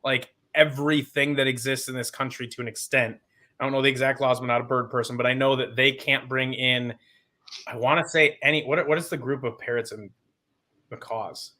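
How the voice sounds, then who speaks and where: A man's voice: mid-range voice, steady tone, brisk, pushed and bright. A man on a podcast as a guest, talking in an impassioned, rambling and sarcastic way. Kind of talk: casual podcast chat.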